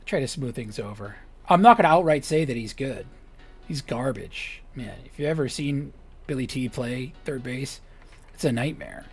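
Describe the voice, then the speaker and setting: A young man chatting on a live stream at an ordinary middle pitch. He rambles through jokey stories and slips into whispered asides. Faint music plays quietly behind him. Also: expressive, moderate pace, vocal fry. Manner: rambling, joking storytelling, drops to a whisper for asides. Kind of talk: casual chat while streaming a game.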